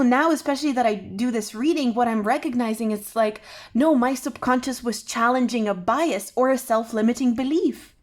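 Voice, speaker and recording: Woman tarot reader, somewhat high voice, reflective and thinking-out-loud delivery. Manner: musing, thinking aloud with frequent restarts. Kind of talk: intuitive tarot reflection to camera.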